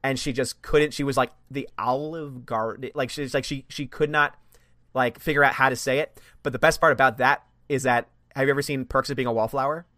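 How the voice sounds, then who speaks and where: A man's voice: mid-range voice, steady tone, a little fast, bright, forceful tone, no echo, clean studio sound. A man hosting a livestream chat, enthusiastic and laughing often, repeating words as he talks. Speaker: host of a livestream. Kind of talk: casual chat.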